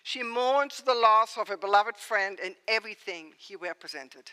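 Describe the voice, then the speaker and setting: A woman's voice: medium pitch, normal speed, sharp tone, clear, resonant tone. A woman pastor giving a sermon, preaching expressively and asking rhetorical questions. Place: church sanctuary. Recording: long church reverb.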